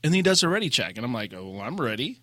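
A man co-hosting a casual gaming podcast, telling a raid story with lively acted-out quotes and laughter. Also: mid-range voice, racing, no room sound, studio quality. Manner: animated storyteller, acts out quotes. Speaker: podcast co-host.

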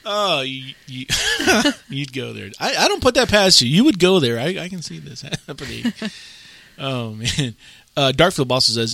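A man's voice: on the high side, very animated, normal speed, creaky, pushed and bright, dry recording. A man hosting a casual gaming podcast, rambling and self-amused, laughing often at his own jokes. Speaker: podcast host.

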